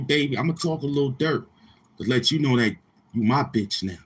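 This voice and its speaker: Man, husky voice, livestream host, brash crude chat, repeats himself. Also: medium pitch, animated, brisk. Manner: boastful, crude, repetitive street talk. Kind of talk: casual livestream chat with viewers.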